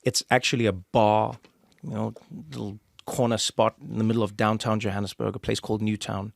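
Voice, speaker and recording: South african guy telling stories fast and animated, dry mic. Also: on the low side, creaky, no room sound. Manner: animated storyteller, quick bursts. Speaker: podcast host. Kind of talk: storytelling conversation.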